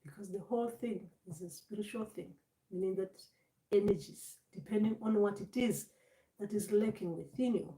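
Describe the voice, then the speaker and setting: Recorded at a distance in a room with echo, this spiritual teacher speaks at a moderate pace in a warm, mid-range voice. Her talk is casual and meandering; she often restarts or repeats words and performs different voices to make her point.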